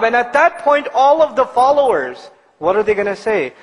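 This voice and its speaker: A man preaching a sermon in an animated, conversational way, building to emphatic points. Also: high voice, normal speed, in a large hall, rough recording.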